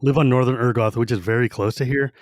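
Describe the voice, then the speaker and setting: Animated man with a dry sound. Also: medium pitch, fast, dry recording. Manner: animated, acts out quotes. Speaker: podcast co-host. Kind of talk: casual book discussion.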